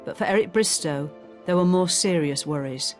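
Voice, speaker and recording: A woman reads scripted documentary narration in a measured tone. Her voice is slightly low, and faint music plays underneath. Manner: measured, formal.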